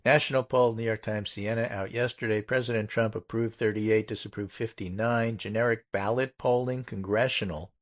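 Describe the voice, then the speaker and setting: A man with a lowish voice rattles off poll figures in quick, punchy bursts, stressing the key numbers. The audio sounds dull and lo-fi. He hosts a casual political chat. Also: fairly even intonation. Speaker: political podcast host.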